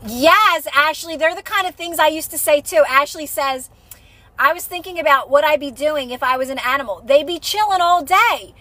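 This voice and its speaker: Woman, high voice, livestream host, chatty, reassuring, phone mic. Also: moderate pace, pushed and bright, dry recording. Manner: chatty, reassuring, many fillers and repeats. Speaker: livestream host, manifestation coach. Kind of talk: casual livestream chat to viewers.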